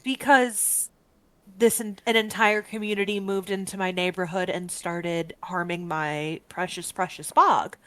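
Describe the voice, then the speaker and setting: A woman's voice: on the low side, fairly even intonation, unhurried, fairly bright tone, dry recording. Lady doing a smug chatty bog witch, haggling, dry close sound. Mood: smug bargaining. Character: cranky female bog witch, possessive of her swamp.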